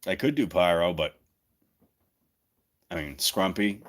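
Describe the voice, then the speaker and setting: Here a deep-voiced man speaks at a moderate pace with a fairly bright tone. It's a relaxed livestream where he hosts the chat, joking and thinking aloud.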